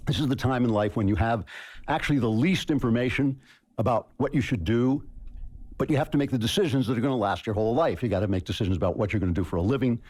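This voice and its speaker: A man speaking at a university event, measured and deliberate, with wry self-mocking humor. His voice sits at an ordinary male pitch and he tells a long joke slowly, pausing for effect. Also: darkish tone. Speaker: guest speaker. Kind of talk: university lecture speech. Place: lecture hall before an audience.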